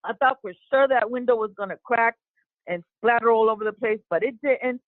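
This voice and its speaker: A woman, an eyewitness, recounting an incident in an interview, halting with many fillers and restarts. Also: on the high side, dry recording. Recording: tinny phone-line audio, dry.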